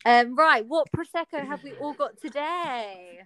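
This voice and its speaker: A woman's voice: high voice, measured pace, over music, rough recording. A woman co-hosting a podcast over a video call, chatty and teasing in casual chat. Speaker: podcast co-host.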